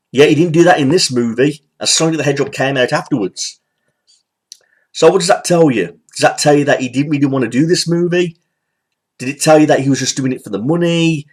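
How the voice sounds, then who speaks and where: A man in his thirties giving a casual, rambling film review, full of fillers, repetition and the odd swear word. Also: medium pitch. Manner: rambling, repeats himself, frequent fillers, occasional swearing. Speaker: movie reviewer. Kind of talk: casual spoken film rant.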